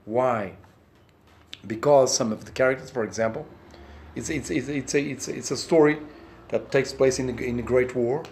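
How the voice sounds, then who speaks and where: A man's voice: mid-range voice, moderate pace, a little mellow. A middle-aged man from Portugal with a Portuguese accent, an author speaking English at a press conference. He talks in a chatty way and explains his points through anecdotes and examples.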